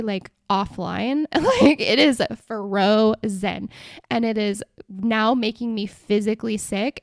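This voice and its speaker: A woman's voice: medium pitch, no echo. Chatty young woman, dry close sound. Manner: enthusiastic and expressive, lots of "like" fillers. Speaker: podcast host. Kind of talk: casual solo podcast talk.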